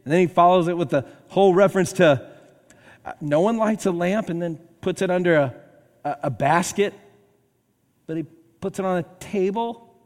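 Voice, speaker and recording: Male pastor, mid-high voice, emphatic sermon delivery, long hall reverb. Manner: emphatic, swings between loud and hushed.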